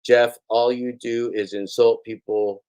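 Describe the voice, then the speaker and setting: A man's voice: mid-range voice, flat delivery, unhurried, darkish tone, smooth. A man hosting a live stream, reading out and answering chat comments in a sarcastic, mocking way.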